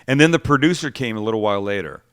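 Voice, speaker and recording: A man's voice: lowish voice, rapid-fire. A man hosting a cooking show, telling stories in casual chat and acting out the people he quotes. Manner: animated storyteller acting out quotes.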